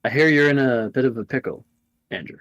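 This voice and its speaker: A man voicing a calm, solemn Jesus in a tabletop game, speaking in a slow, hushed, fatherly way. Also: mid-range voice, dry recording, natural voice.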